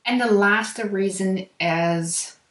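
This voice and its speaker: Woman podcast host giving an English lesson, talks fast and asks listeners questions, recorded in a reverberant room. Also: medium pitch. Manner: fast-talking, lively, addresses listeners directly. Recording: echoey room.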